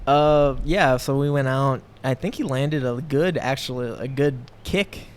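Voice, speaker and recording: A man's voice: medium pitch, unhurried, smooth. A young man, a professional fighter, talking casually on a podcast in a rambling way, full of fillers and restarts. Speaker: guest, professional MMA fighter.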